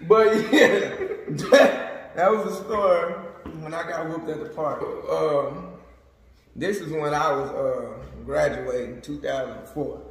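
A man's voice: on the high side, takes it slowly, gravelly. A man in his thirties telling a funny story in casual chat, laughing often and acting out the voices. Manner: animated, laughing a lot, acting out quotes. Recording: very echoey room.

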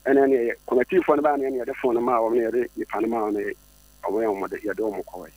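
A man calling into a radio show, telling a personal story with excited stammering and sudden high jumps in his voice. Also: fast, dry recording, low-quality recording.

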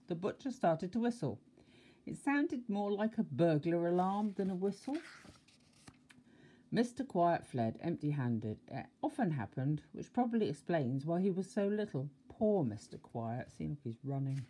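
A woman's voice: sits low, lively intonation, moderate pace, dark tone, husky. An older woman, a grandmother, reading a bedtime story aloud and expressively, with asides to a child.

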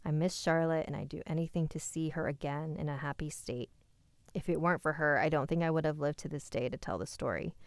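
A woman reading a listener's scary story aloud, with quick asides of her own. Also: low-pitched, dry recording.

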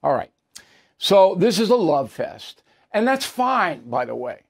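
A male show host gives opinionated solo commentary in a blunt, sarcastic manner. His voice sits a little high for a man, and he leans hard on his points. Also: very animated, measured pace, creaky.

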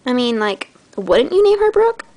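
A teen girl rambles happily to her channel's viewers in a fairly high voice that jumps all over the place. Her talk is bubbly and dramatic, full of sudden gasps and quick asides. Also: sing-song, a little mellow. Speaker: channel host. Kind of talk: casual vlog chat.

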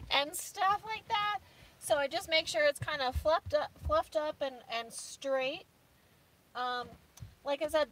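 A woman's voice: sits high, sharp tone. A woman hosting a casual livestream from her minivan, chatty and openly emotional. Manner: chatty, emotional, laughing through tears. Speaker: vlogger host. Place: inside a minivan.

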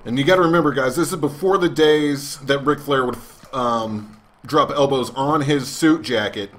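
A man's voice: medium pitch, moderate pace, fairly bright tone. A man commentating a wrestling video game as a let's play host, joking in a mock announcer way. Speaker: gaming channel host.

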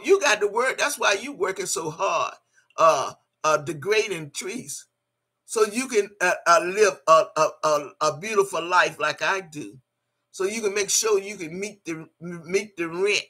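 A woman's voice: mid-range voice, pushed and bright, slightly rough. An older woman in a casual vlog rant, profane and mocking, breaking into laughter often. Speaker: vlogger.

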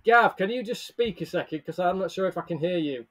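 A man chats live to his viewers in a bright, high-pitched voice. He is upbeat and casual, calling out names from the chat and laughing easily between greetings. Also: animated, fairly quick. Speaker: livestream host. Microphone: headset or earbuds with desk mic.

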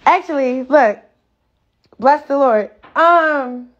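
High-voiced rambling woman on a lo-fi live stream. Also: slow pace. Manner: rambling, excitable, slangy, loses her train of thought. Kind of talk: casual live stream talk.

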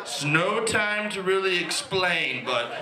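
A man performing a stand-up comedy set in a comedy club, telling animated stories and slipping into put-on voices. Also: high voice, slow pace. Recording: echoey club with crowd noise.

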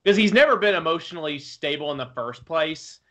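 A man's voice: a little high, animated, fairly quick, sharp tone. A male podcast co-host chatting casually, blunt and offhand in how he puts things. His voice sits a bit above the usual male range.

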